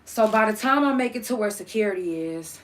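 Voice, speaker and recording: A young woman hosting a podcast, telling a personal story in casual, profane, animated talk and acting out the people she quotes. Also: medium pitch, a little fast.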